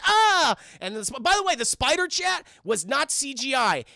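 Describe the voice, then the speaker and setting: Young dude ranting a movie recap to his stream chat, high gravelly voice, dry close mic, cusses a lot. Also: no echo. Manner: profane, excitable, mimics characters in quick voices. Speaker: streamer reviewing a film with chat. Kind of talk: casual livestream recap with chat.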